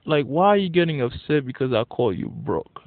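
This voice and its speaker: A male vlogger delivers a blunt, profane, casual rant, becoming animated when he gets worked up. His voice is a little high and moves at a moderate pace. The audio is dry, thin, and tinny, like a lo-fi phone recording.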